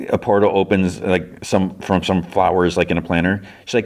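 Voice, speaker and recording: A man's voice: low-pitched, steady tone, brisk, few pauses. A man hosting a podcast, casually retelling an episode scene by scene and briefly acting out characters' lines. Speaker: podcast host.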